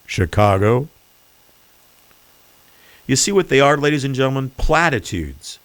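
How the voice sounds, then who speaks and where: A man's voice: medium pitch, big pitch swings, a little slow, long pauses, a bit bright, no room sound. A man hosting his own podcast, delivering a sarcastic, mocking political commentary monologue. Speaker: podcast host.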